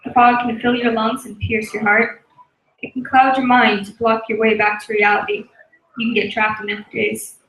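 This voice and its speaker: A woman's voice: fairly high pitch, little pitch movement, fairly bright tone. Earnest woman reading a reflective poem. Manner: earnest, measured. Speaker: spoken word performer. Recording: echoey room.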